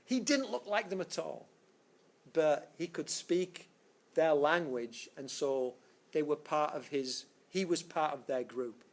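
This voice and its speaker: Speaking slowly, a man with a somewhat high voice walks his class through physics one step at a time. The lecture is casual and recorded as a screencast, full of rambling, restarted sentences and fillers.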